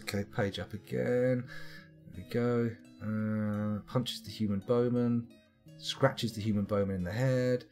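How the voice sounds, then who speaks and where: A man's voice: on the low side, fairly even intonation, measured pace, darkish tone. A man reading combat logs aloud with wry, profane asides as he streams a game live. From United Kingdom. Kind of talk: live-streamed gameplay commentary. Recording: faint guitar music behind.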